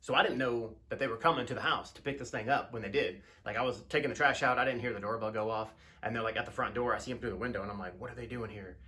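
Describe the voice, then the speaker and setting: A man's voice: racing, few pauses, pushed and bright, slight background noise. A man hosting his woodworking channel, telling a story in a loose, rambling way with lots of slangy asides and fillers. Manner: acts out quoted people in higher voices. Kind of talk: casual storytelling to camera.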